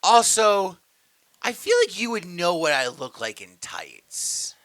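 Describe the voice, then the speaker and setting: A young man co-hosting a casual podcast, his voice bright and a little high, swinging widely in pitch as he acts out his stories. He stammers through restarts and throws himself into quoted lines. The sound is close and dry. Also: sing-song, slow, no echo. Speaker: podcast co-host. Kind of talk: casual comedic chat.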